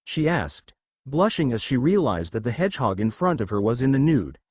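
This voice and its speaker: A man reading fan fiction aloud in a lively, expressive storytelling voice. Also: mid-range voice, normal speed, breathy edge, no room sound. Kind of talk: storytelling narration with character voices.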